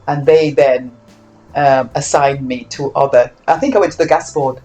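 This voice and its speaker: An older woman from Saint Kitts, interviewed about her life, speaking reflectively and growing animated as she acts out old exchanges. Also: very deep voice, normal speed, rough recording. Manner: reflective, animated when acting out quoted exchanges. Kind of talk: oral history interview.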